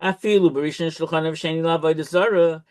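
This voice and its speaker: A man with a slightly raised pitch leading a Talmud study session. He explains the reasoning patiently, confirming what his partner says and summing up each point as they go. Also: fairly even intonation, quick pace, a little mellow.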